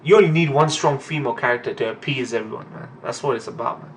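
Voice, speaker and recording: A young man reading a manga aloud and reacting in a casual, profane, excitable way. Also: mid-range voice, fast, far from the mic, a little hiss or hum.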